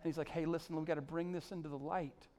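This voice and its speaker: A male pastor preaching a sermon, pleading with the congregation, surging to emphatic peaks and then dropping soft. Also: on the high side, steady tone, quick pace.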